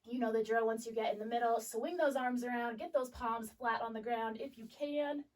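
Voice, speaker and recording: A young woman instructor cues moves in an upbeat coaching manner while she works out, sniffly and catching her breath. Her voice sits fairly high. She sounds set back from the microphone in a fitness studio. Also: steady tone, moderate pace. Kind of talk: live workout class cueing. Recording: voice distant from the mic.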